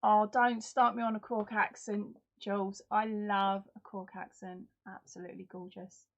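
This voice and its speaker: A woman's voice: medium pitch, little pitch movement, moderate pace, muffled recording. A woman hosting a live crafting stream in casual chat, reading out and answering viewers' comments. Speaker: host.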